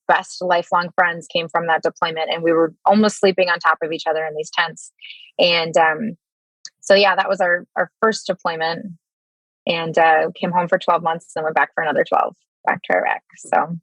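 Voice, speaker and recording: American woman, 30s, army veteran guest; low voice, dry close sound, halting with frequent restarts. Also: fairly even intonation, a bit bright, dry recording, poor audio. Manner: halting, many fillers and restarts. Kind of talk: candid interview storytelling.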